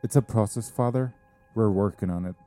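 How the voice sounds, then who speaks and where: A man plays a stern interrogator who presses for a confession in measured, formal speech. His voice is deep-toned and mellow, with faint music underneath. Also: lightly acted. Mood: deferential. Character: stern male interrogator, officious and persistent. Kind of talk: audio drama acting.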